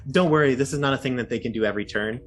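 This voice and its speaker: A man in a mid-range voice runs a tabletop game as dungeon master. He talks in a loose, easygoing way, often pausing on "um". There's a faint bed of room noise behind him. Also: mid-range voice. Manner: casual, many filler ums, laughs easily.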